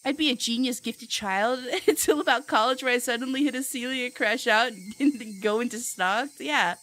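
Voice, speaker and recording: A young woman streamer chatting casually with her viewers, giggly and playful, loudly reacting to chat. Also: a little high, normal speed.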